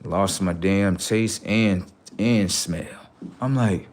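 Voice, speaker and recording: A man hosting a livestream, telling casual stories to his viewers in an animated way, swearing freely and acting out voices. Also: low-pitched, slow pace, slight background noise. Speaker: livestream host.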